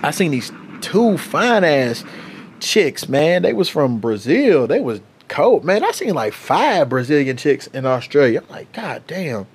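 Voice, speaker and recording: A young man, hosting his own podcast and telling a story in a loose, profane, animated way. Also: fairly high pitch, measured pace, a little hiss or hum. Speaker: podcast host. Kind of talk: casual solo podcast storytelling.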